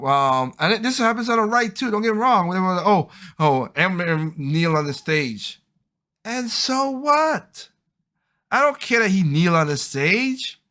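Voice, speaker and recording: A man's voice: high voice, pushed and bright. A man hosting a podcast, talking casually in a rambling, opinionated way. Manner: rambling, opinionated, acts out quoted people. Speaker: podcast host.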